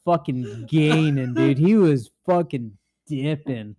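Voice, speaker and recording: A man's voice: on the high side, normal speed, darkish tone, no room sound, clean studio sound. A young man hosting a podcast, telling a rambling, profane story with frequent laughs. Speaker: podcast host. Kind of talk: casual storytelling chat.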